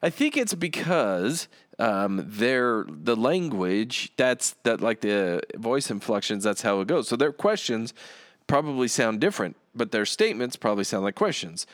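A man's voice: mid-range voice, very animated, measured pace. A man hosting a podcast in casual chat, easygoing, asking follow-up questions and laughing along. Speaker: podcast host.

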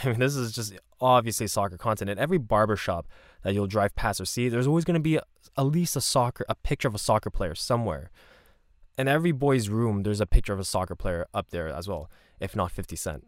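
Relaxed low-voiced man telling stories. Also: dry recording, clean studio sound. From Canada. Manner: relaxed, rambling, laughs often. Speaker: podcast host. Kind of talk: casual solo podcast storytelling.

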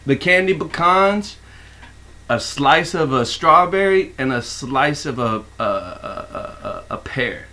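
A young man from Texas with a Texan accent, chatting casually on a podcast and telling stories with lively put-on voices. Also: slow. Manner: animated storyteller, jumps high to act out others. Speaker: podcast co-host. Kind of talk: casual chat.

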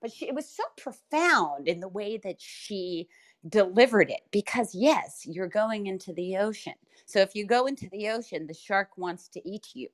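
A woman guest in a casual chat, telling stories in an animated way, swearing and laughing often. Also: medium pitch, moderate pace. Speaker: podcast guest.

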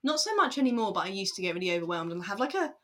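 A woman's voice: medium pitch, very animated, very fast, sharp tone. A woman talking casually in an interview, rambling with many fillers and bursts of laughter. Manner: chatty, lots of fillers and laughter. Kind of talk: casual chat.

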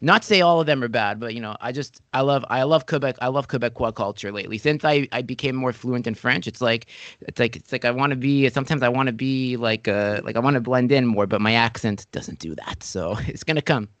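A man hosting a podcast, chatting casually and telling stories with lively impressions. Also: medium pitch, brisk, dry recording. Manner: chatty storyteller, animated impressions. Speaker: podcast host. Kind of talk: casual interview chat.

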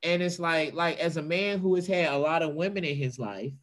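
A man telling a funny, profane story to an audience and mimicking other people's voices. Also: brisk. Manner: animated, profane, mimics voices in a high pitch. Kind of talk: stand-up storytelling.

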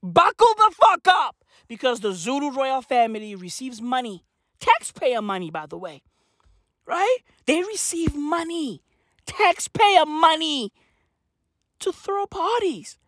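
A South African woman rants in a quick comic vlog voice, cursing freely and calling out to "bruh" and "fam". Her voice sits high and swings widely up and down. The sound is dry with no room echo. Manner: animated, swears constantly, slangy with "bruh" and "fam". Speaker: vlogger. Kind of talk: profane comic rant.

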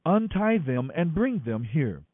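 Man reading as patient firm teacher, measured earnest speech, high voice, dry tinny sound. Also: big pitch swings, no echo. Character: calm adult male teacher, patient and firm. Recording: dry, thin phone-like audio.

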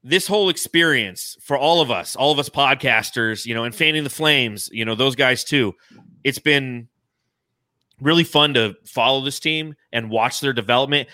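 A man's voice: mid-range voice, moderate pace, sharp tone, no echo, studio quality. An American man in his thirties hosting a fan podcast livestream, emotional and swearing freely as he reads out donations. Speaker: podcast host. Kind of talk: excited casual livestream chat.

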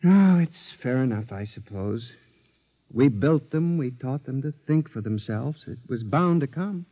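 A man's voice: mid-range voice, animated, unhurried. An actor playing a paranoid man accused of murder, narrating and pleading in an old-time radio drama. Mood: feverish. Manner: agitated, pleading, rising to screams. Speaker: narrator and lead character. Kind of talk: 1950s radio drama acting. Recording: dull old radio recording.

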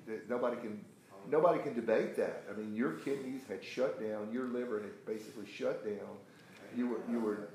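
A man's voice: fairly low pitch, a little mellow. An older man leading a prayer group, telling a long story with many restarts and fillers. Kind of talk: testimony in a group meeting. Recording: echoey room with faint background noise.

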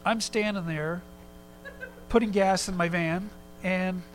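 A man preaching a sermon in a relaxed, conversational way, telling a personal story with quick asides. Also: sits high, a little hiss or hum, low-quality recording. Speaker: pastor.

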